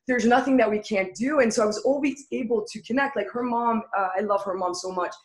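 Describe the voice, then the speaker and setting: A woman's voice: a little high, fairly quick. A woman guest in an interview, earnestly telling a personal story and building on repeated phrases. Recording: echoey room.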